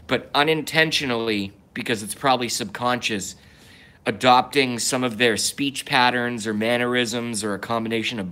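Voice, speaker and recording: A man's voice: on the low side, sharp tone. A young adult man hosting a solo livestream rant. He rambles in stop-start bursts full of restarts and asides, and reads viewer comments aloud and answers them. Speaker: livestream host.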